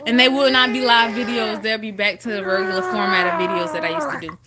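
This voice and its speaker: A woman's voice: fairly high pitch, expressive, fast talker, over a noisy crowd. A woman in her twenties chatting casually to her viewers, full of fillers and restarts, chewing gum as she talks. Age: 20s. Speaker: vlogger. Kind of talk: casual chat to camera.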